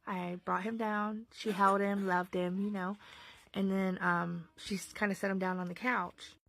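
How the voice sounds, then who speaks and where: A woman's voice: mid-range voice, little pitch movement, measured pace, creaky, fairly bright tone, a little hiss or hum. A woman in her thirties, a mother, telling a story in a rambling way full of fillers and self-corrections. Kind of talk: casual storytelling.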